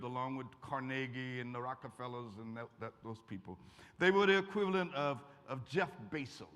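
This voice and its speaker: The voice is a man's, medium in pitch and a bit bright: an older speaker with an Eastern Kentucky accent giving a folksy, joking college talk and answering questions from the audience. It's recorded in a college auditorium with echoey hall sound.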